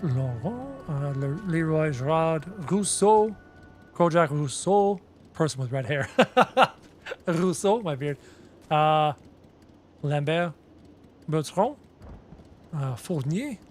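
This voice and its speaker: Speaking slowly with frequent pauses, this man has a fairly high-pitched voice. He's a Canadian streaming a game, casually chatting with his viewers and muttering over lists he reads aloud, with faint background music.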